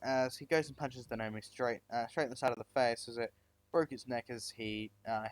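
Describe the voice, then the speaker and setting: A man's voice: mid-range voice, steady tone, brisk. A man narrating a fan-made story, rambling with many fillers and restarts.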